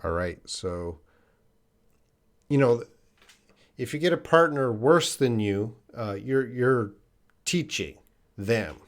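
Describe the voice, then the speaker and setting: A man's voice: medium pitch, animated, slow pace, pauses often. A man, teaching English on a live stream, chatting casually and often restarting his sentences. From Canada. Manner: casual, restarts often, reads viewer comments aloud.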